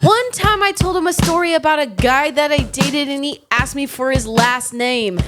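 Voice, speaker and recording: A playful woman co-hosting a podcast in easy, casual chat. She hammers a phrase again and again for laughs, and her voice sits somewhat high for a woman. Faint music can be heard in the background. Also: moderate pace. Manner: playful, repeats phrases for comic effect. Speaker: podcast co-host and producer.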